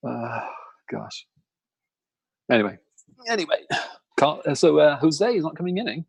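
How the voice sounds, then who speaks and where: A man's voice: fairly high pitch, very animated, moderate pace, vocal fry, breathy edge, no room sound. A man co-hosting a casual podcast chat, rambling with lots of fillers and frequent laughter. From outside America, lived in Chicago. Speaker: podcast co-host.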